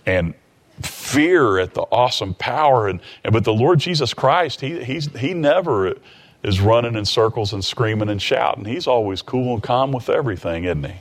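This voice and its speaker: A man preaching a sermon in a conversational way, retelling a scripture story with quick asides and restarts. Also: medium pitch, expressive.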